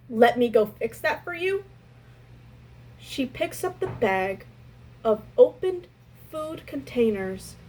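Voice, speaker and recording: A young adult woman casually telling a story from her restaurant job, animated and exasperated. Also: fairly high pitch, breathy edge, low-quality recording.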